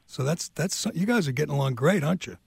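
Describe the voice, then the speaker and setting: A male radio host with a gravelly, husky voice teases his guest with stumbling starts. His voice is fairly high and sounds dry and close. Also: expressive, fast talker, a little mellow, no echo. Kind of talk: interviewing a guest.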